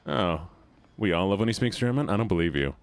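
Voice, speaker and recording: A man streaming a game and chatting casually with viewers, animated and self-mocking, thinking aloud as he plays. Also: low-pitched, fast, clear, resonant tone, dry recording. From United States. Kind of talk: casual gameplay chat with viewers.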